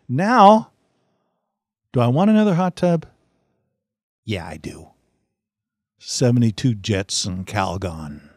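Middle-aged man, podcast host, lively storytelling voice, dry close sound. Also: mid-range voice, no room sound. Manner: animated, laughing storyteller. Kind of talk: casual storytelling.

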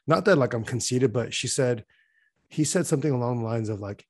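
A man's voice: medium pitch, expressive, fairly quick, husky, no room sound. A young man talking in a loose, rambling way, full of fillers, laughing as he tells stories. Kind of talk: casual chat.

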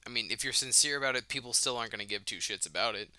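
Man, brash sports podcast rant, bright voice, smooth tone, dry close sound. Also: mid-range voice, racing, dry recording. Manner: brash, heated, heavy swearing. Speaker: podcast co-host. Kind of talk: casual sports chat.

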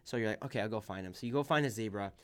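A man's voice: on the low side, very fast. A man in casual chat, retelling a video game side quest in a rambling way and acting out the characters' lines.

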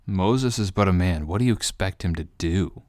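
A man's voice: low voice, normal speed, darkish tone, no room sound, clean studio sound. A man teaching a Bible study in a conversational way, explaining details step by step. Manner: explanatory, walks listeners through details step by step.

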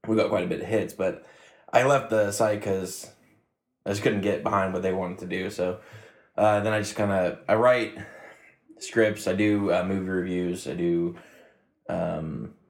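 A man chatting casually as a podcast guest, relaxed and pausing often with fillers. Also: deep voice, reverberant. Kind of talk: casual chat.

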